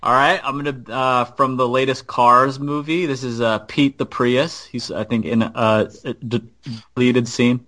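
A man co-hosting a comedy podcast, chatting casually with slow, hesitant phrasing. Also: medium pitch, steady tone, sharp tone. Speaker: podcast co-host.

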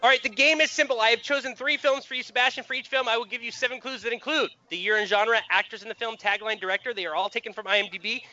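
A man's voice: very high voice, fairly even intonation, muffled recording, music in the background. A man hosting a podcast, chatting casually and explaining a quiz game in an upbeat way. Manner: quick, upbeat, explains rules. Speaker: podcast host.

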